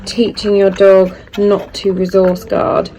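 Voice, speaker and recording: A woman, a dog trainer, explaining hand feeding while filming on a phone held in her hand and softly praising her puppy. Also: mid-range voice, monotone, takes it slowly, a little hiss or hum. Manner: soft murmured praise to the puppy. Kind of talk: casual instructional talk.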